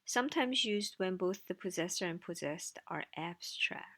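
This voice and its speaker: A woman's voice: lowish voice, expressive, normal speed, fairly bright tone. A woman teaching a language lesson, explaining slides in a casual way with dry asides. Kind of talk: recorded lecture with slides.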